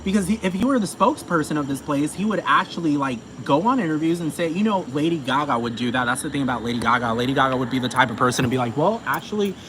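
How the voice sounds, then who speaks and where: Brief: emphatic, profane male ranter, higher-pitched voice, noisy recording with traffic behind. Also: very fast, hardly any pauses. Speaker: commentator. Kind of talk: ranting monologue. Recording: noisy with vehicle sounds behind.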